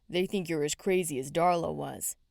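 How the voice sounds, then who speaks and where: Lady doing laid-back teasing young cop guy, lowish voice, dry mic. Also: moderate pace, gravelly, darkish tone, no room sound. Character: friendly young male police officer.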